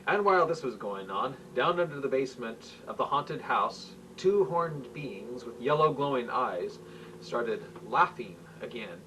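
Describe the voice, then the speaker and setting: A man's voice: medium pitch, expressive, unhurried, pushed and bright. A man reading his own stories aloud at home, in a plain manner with small slips and restarts. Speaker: amateur writer reading his own work. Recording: faint hiss, mic far off.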